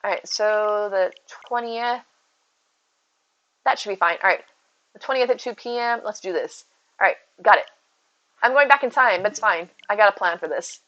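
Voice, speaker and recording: A woman's voice: mid-range voice, moderate pace, long pauses, fairly bright tone, dry recording. A woman streaming a game, chatting casually, thinking aloud and answering chat as she plays. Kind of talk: casual live-stream chat while gaming. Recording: slightly muffled with faint game music.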